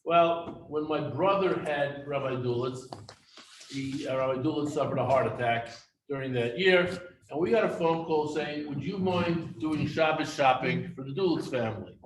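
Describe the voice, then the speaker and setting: A man's voice: fairly high pitch, normal speed. A middle-aged man telling humorous personal stories at a memorial gathering. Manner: humorous anecdotal storytelling. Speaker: eulogy speaker. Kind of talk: storytelling memorial speech. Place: synagogue hall. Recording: echoey hall from far off with faint noise.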